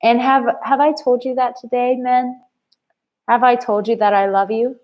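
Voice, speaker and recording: A woman's voice: on the high side, flat delivery, moderate pace, lo-fi sound. A woman in her late thirties, a dating coach talking in a live stream, blunt and effusive as she reads viewers' comments aloud. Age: 30s. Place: home in Bali.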